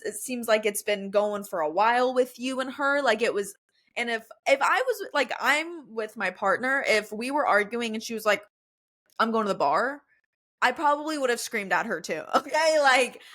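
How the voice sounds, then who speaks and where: In a relaxed interview-style chat, a young female podcast host laughs a lot, backs up her guest, and calls her "girl." She has a fairly high, expressive, slightly bright voice at normal speed.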